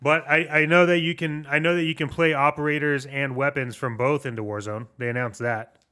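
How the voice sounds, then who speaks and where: A man co-hosting a gaming podcast with a bright, crisp voice. He rambles loosely, circles back to restart sentences and drops casual swear words. His talk is relaxed and chatty. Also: on the high side, a little fast. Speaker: podcast co-host. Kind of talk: casual chat about video games.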